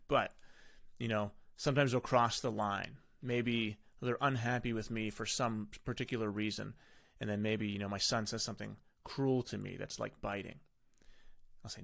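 A man's voice: fairly low pitch, flat delivery, fairly quick, creaky, a bit bright. A man hosting a parenting podcast in a casual, conversational way, often restarting his sentences. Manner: conversational, with frequent fillers and self-corrections. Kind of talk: casual solo podcast talk.

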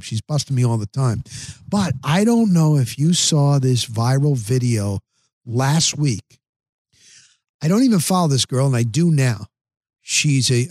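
A man hosting a podcast, telling rambling stories in casual chat and acting out what others said with sudden high-pitched voices. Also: a little mellow, no echo, studio quality. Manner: rambling storyteller, acts out quotes with big pitch jumps. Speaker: podcast host. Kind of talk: casual monologue.

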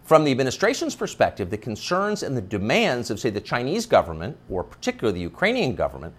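A man's voice: medium pitch, huge pitch swings, fast talker, husky. A man delivering a scripted opinion monologue as a commentator, emphatic and sardonic.

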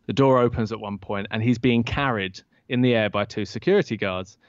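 Guy, lowish voice, telling a story on a podcast, does the voices of people he quotes, kinda muffled dry audio. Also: a little fast, clean tone, no echo. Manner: lively storyteller who acts out quoted lines. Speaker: podcast guest, author. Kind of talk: telling an anecdote in an interview. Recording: dull lo-fi dry sound.

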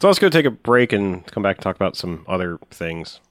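A man's voice: sits low, big pitch swings, brisk. A man hosting a podcast, chatting casually and offhandedly about a movie. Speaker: podcast host. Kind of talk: casual movie-review chat.

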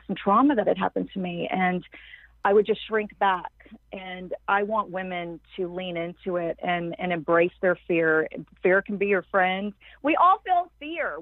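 This empowerment coach, a woman with a mid-range voice, pours out emphatic, effusive speech in long streams while guesting on a relaxed podcast interview. Her audio is dry with no room sound and comes through a tinny, phone-like line.

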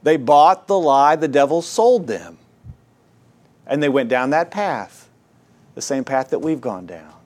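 Animated and earnest, this preacher exhorts his listeners and reads scripture with a measured cadence. His delivery shifts broadly from soft, low stretches to loud, climbing emphasis.

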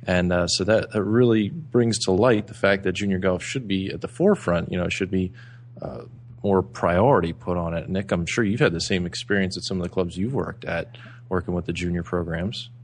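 A man's voice: low voice, brisk, a little hiss or hum. A man co-hosting a casual podcast interview, speaking in a conversational, reflective way. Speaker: podcast co-host, golf professional.

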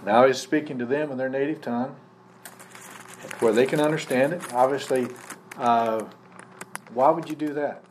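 A male pastor preaching at a live church service, talking the congregation through a passage and asking them questions as he goes. His voice sits in an ordinary middle pitch. A faint hum of noise runs under the recording. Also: fairly even intonation, normal speed, long pauses. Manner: conversational teaching, poses questions to the congregation. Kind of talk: sermon.

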